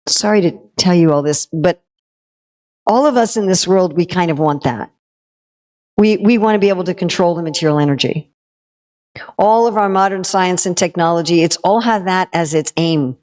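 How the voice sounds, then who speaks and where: A woman's voice: lowish voice, moderate pace, darkish tone. A woman spiritual teacher retelling a devotional story in a chatty, conversational way, with wry, humorous asides to her listeners.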